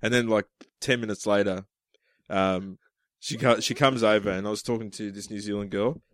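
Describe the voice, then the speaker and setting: A man's voice: on the low side, fairly even intonation, moderate pace, dry recording. A man chatting on a podcast, telling stories in a rambling way and laughing often. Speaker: podcast co-host. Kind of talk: casual chat.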